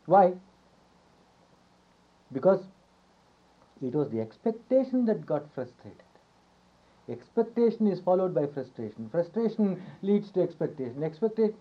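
A man giving a yoga philosophy lecture, repeating his phrases, asking rhetorical questions and chuckling softly now and then. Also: high voice, sing-song, unhurried, long pauses, husky. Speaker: yoga teacher. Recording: dull lo-fi recording.

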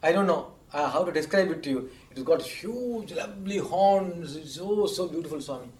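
A man's voice: a little high, quick pace, close to an everyday voice. A man voicing an honest young boy who is fond of his buffalo, speaking earnestly and simply in a roomy space. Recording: roomy echo.

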